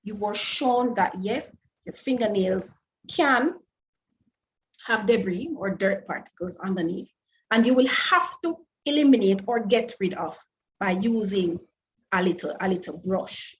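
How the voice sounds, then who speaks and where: The audio is dull, with a little hiss or hum, as a woman with a mid-range voice gives an online food safety lecture over a webinar microphone. She asks her audience many rhetorical questions and often restarts phrases as she carefully explains.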